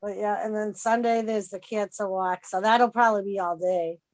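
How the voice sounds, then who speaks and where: A woman's voice: mid-range voice, fairly even intonation, normal speed, no room sound. A woman chatting plainly about her weekend plans on a group live stream. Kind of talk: casual group chat.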